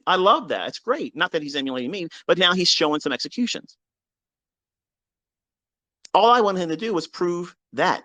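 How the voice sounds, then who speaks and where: A middle-aged man giving a heated, profane monologue on a live audio chat, combative and defiant, his voice dropping low and then bursting out loud. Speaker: trading educator.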